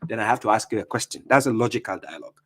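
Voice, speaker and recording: A man's voice: lowish voice, rapid-fire, fairly bright tone. Man, live stream host, casual, chatty, greets viewers, laughs a lot. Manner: conversational, greets viewers by name, laughs often.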